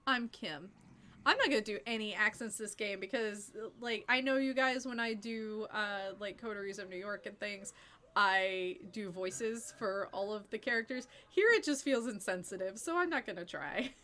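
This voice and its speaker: A woman streamer reading a story game aloud and chatting with viewers in a lively way, laughing between passages. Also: medium pitch, normal speed.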